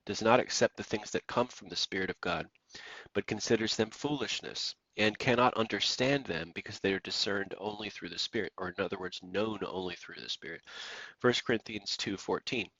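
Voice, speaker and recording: A man's voice: lowish voice, sharp tone, dry recording, highs cut off. A man preaching on the radio, emphatic and repeating phrases for stress. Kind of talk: preaching monologue.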